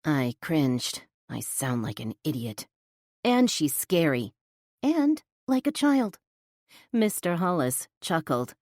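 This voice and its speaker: A woman narrating a first-person romance audiobook with an expressive, flustered inner voice, close to the mic. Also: low voice, slow pace, no echo.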